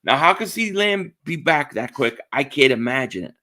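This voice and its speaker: A man's voice: medium pitch, big pitch swings, normal speed, sharp tone. A man hosting a casual live stream, chatting about football and greeting viewers in the chat, repeating himself often. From Philadelphia area. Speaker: sports stream host.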